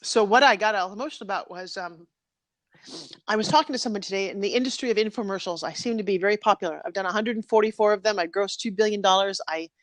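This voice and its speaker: A woman in her fifties speaks candidly and with feeling, her voice close to tears as she tells her story. She sits at a middle pitch, recorded dry and close over a live video stream. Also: fast, no room sound. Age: 50s. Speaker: guest. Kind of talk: emotional interview conversation.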